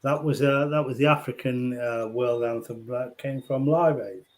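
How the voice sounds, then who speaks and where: This is a man with a softened Liverpool accent in a relaxed group chat. He rambles through his points with fillers and jokes, and swears now and then. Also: medium pitch, normal speed, low-quality recording. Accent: Scouse, softened by years in London. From England (Liverpool). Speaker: guest on a discussion stream. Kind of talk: casual chat.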